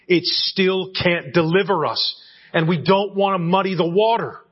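Man, pastor, conversational sermon, slightly high husky voice, dull lo-fi church recording. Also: steady tone, measured pace. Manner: conversational preaching, often asks "right?". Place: church sanctuary.

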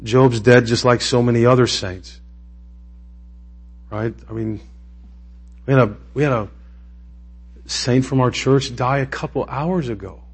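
A husky-voiced man preaches from the pulpit in a loose, conversational way. His voice sits in a middle register, and it turns emotional and climbs into impassioned peaks. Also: medium pitch, steady tone, a little slow, long pauses. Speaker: pastor. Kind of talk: sermon.

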